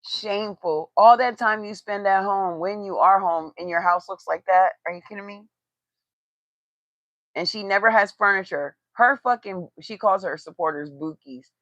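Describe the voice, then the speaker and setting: A woman's voice: mid-range voice, normal speed, fairly bright tone, dry recording. A woman giving blunt, profane, mocking gossip commentary on a casual livestream. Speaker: tarot reader and commentator. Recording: dry, slightly dull lo-fi sound.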